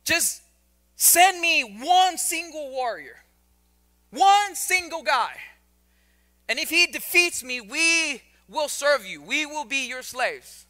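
A male preacher voicing a boastful giant warrior who shouts a slow, taunting challenge. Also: very high-pitched, animated, exaggerated voice.

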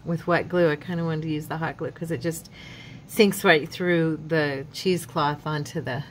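A woman's voice: deep voice, a little hiss or hum. A woman hosting a crafting video, chatting casually as she works, with faith-filled asides and laughs at herself. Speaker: craft channel host. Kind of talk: casual crafting tutorial chat.

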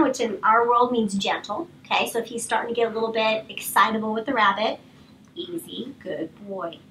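Woman trainer talking people through a dog and bunny intro, high voice, calm and firm, sounds a bit far from the mic. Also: slight background noise. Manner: calm, firm commands to dogs mixed with explanation. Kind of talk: live training demonstration.

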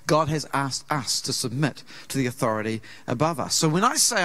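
A man with a New Zealand accent preaching a sermon in a church, telling a personal story with earnest, conversational warmth and acting out the voices in it. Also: medium pitch, lively intonation, a little fast, hardly any pauses. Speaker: pastor. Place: church auditorium.

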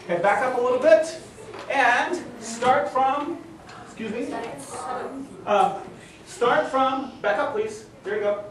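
A woman directing young actors in a play rehearsal, giving brisk, instructive, encouraging cues. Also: sits high. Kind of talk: coaching a rehearsal. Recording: echoey hall from far off.

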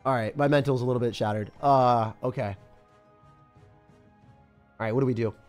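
A young man giving live commentary as he plays a mobile game, thinking aloud and breaking into sudden excited yelps. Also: mid-range voice, normal speed, soft background music. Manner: excitable, talks to himself while playing, sudden yelps. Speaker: game streamer.

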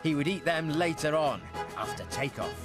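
A man narrating a children's story in an expressive, storytelling manner. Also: a little high, normal speed, loud music behind the voice.

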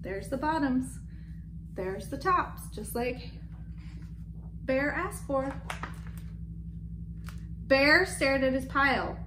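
A woman reading a picture book aloud to children, gentle and stopping to ask them questions. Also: high voice, slow, pauses often, background noise. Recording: echoey room with faint background.

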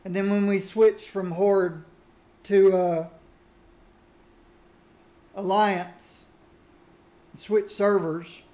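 A man casually reminiscing about old games while he plays, musing aloud in a relaxed way. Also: high-pitched, drawn-out words, long pauses. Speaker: gaming streamer. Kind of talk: casual commentary while playing.

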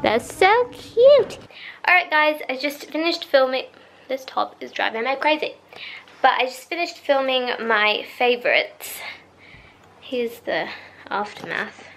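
A woman's voice: sits high, expressive, unhurried, sharp tone, a little hiss or hum. Chatty young woman vlogging at home. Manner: chatty and gushing, drops into baby talk with pets. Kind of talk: casual vlog chat. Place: bedroom at home.

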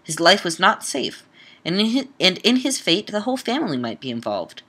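Woman reading a Gothic novel, lively pitch. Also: normal speed, slightly rough. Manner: dramatic reading broken by wry, casual comments. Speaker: audiobook reader and podcast host.

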